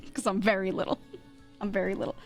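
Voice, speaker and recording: A young woman streamer telling a story in casual chat, animated, laughing often and full of fillers. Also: medium pitch, fast talker, faint music behind.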